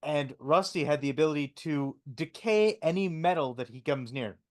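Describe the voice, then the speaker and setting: A man co-hosting a casual podcast, talking haltingly with repeated words and fillers. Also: fairly high pitch. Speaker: podcast co-host.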